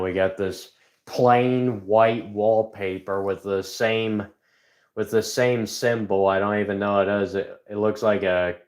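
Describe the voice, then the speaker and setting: Guy livestreaming from a house, slow drawl, kinda low, sarcastic rambling jokes. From rural United States. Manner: sarcastic, rambling, jokey deadpan asides. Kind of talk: rambling comedic livestream chat. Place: indoors in a house.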